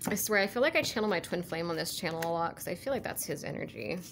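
A woman's voice: lowish voice, expressive, fast, fairly bright tone, slight background noise. A woman giving a casual spiritual tarot reading, rambling and full of "like" and "you know", laughing easily. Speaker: tarot reader.

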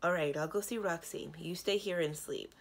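A woman reading as a brisk, practical princess. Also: fairly low pitch. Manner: brisk, demanding.

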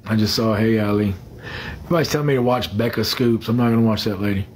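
A man's voice: fairly low pitch, fairly even intonation, fast, slight background noise. A man chatting casually on a phone livestream. He rambles, fills the gaps with "uh", and greets viewers by name.

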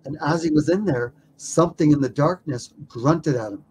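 A man who is a documentary filmmaker, telling a story in an interview with lively stammers and repeated words. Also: on the high side, moderate pace, slight background noise.

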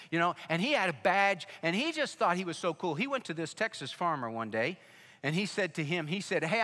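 A man's voice: mid-range voice, bright, forceful tone. A man preaching a sermon as pastor, telling stories and urging listeners directly with emphatic warnings. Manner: emphatic, storytelling, direct address. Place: church sanctuary. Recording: echoey church hall.

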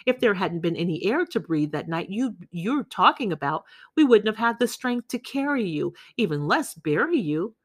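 A woman's voice: medium pitch, big pitch swings, moderate pace, few pauses. A woman reading the part of a blunt, scolding townswoman in an audiobook.

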